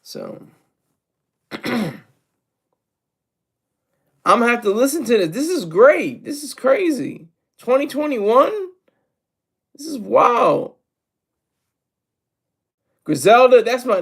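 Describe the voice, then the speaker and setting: High-voiced man rambling about hip hop. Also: sing-song, slow, creaky, pauses often, husky. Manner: rambling, self-deprecating, with many restarts. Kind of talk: casual solo commentary.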